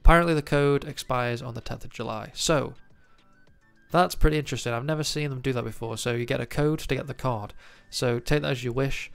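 Nasal, gravelly man with a cold. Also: mid-range voice, fairly quick, faint music behind. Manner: chatty, lots of ums and uhs. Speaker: trading card news host. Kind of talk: casual commentary to camera.

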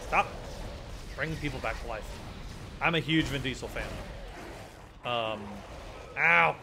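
A man's voice: mid-range voice, a little slow, creaky, noisy background. A young man giving casual commentary while playing a horror game, joking, swearing often and yelping at jump scares. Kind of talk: casual let's-play commentary.

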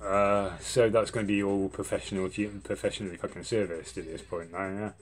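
A young man with a low voice tells a rambling story in a casual vlog at normal speed. He swears a lot and grows animated as he retells events.

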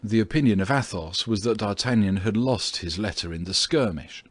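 A man narrating an audiobook with a steady, measured reading. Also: lowish voice, husky, dry recording. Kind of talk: scripted narration.

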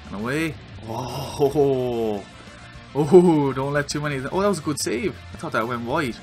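An Irish man giving his own excitable commentary while playing a football video game, yelling at the screen during big moments. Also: mid-range voice, normal speed, soft background music. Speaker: gaming video creator.

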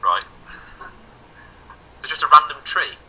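A man's voice: on the high side, animated, bright, forceful tone. A young man chatting playfully on a livestream, heard through a distant webcam mic. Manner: playful, jokey, quick to break into silly bits. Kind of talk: casual livestream chat. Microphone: laptop webcam.

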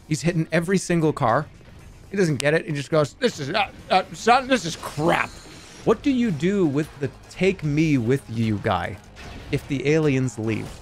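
A man streaming a game, chatting casually, swearing and flying into frustrated outbursts. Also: fairly high pitch. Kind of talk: casual gaming stream chat.

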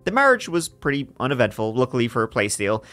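A man's voice: mid-range voice, big pitch swings, fast, fairly bright tone, soft background music. A man co-hosting a podcast, telling a true-crime story in a casual, joking way. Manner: joking, laughs between story parts. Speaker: podcast co-host.

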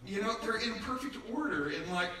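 A man's voice: sits high, lively intonation, fairly quick, bright, forceful tone. A middle-aged man preaching a conversational sermon, telling humorous stories and acting out the voices he quotes. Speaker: pastor. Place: church sanctuary. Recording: echoey church from far off.

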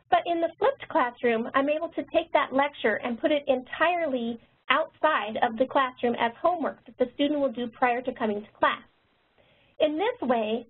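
A woman nurse educator and author who talks quickly, presenting a webinar. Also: high-pitched. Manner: fast-talking. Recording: tinny phone-line webinar audio.

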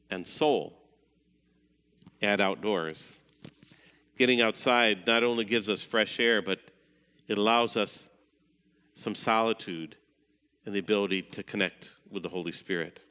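A man preaching a sermon as pastor, measured in delivery and sometimes dropping to a hushed voice. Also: fairly low pitch, clean tone, big-room sound.

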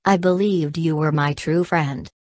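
Betrayed young guy pleading and accusing, read by a woman, low and dry. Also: fairly even intonation, measured pace, a little mellow, dry recording. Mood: anguished. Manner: reads punctuation marks aloud. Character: young man, betrayed and desperate.

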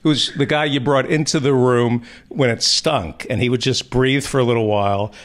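A man's voice: medium pitch, steady tone, normal speed. A man hosting a casual interview, asking wry, teasing setup questions. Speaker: host.

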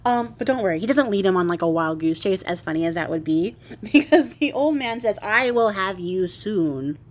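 Woman host, casual wry fairy-tale retelling, mid pitch. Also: animated, a little fast, darkish tone. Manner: wry, chatty, laughs and swears. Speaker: craft video host.

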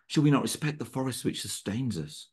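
A tender-hearted young prince from a read-aloud story, as a man puts him on. The voice is lifted well above the reader's own deep register and sounds earnest and pleading. The tone is husky and slightly breathy. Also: expressive, fairly quick.

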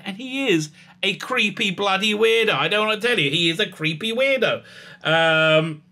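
A man casually recapping and reviewing a TV episode as a channel host, sarcastic and animated, with lots of fillers and restarts. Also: sits high, normal speed. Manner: sarcastic and animated, with many fillers and restarts, acting out quoted lines.

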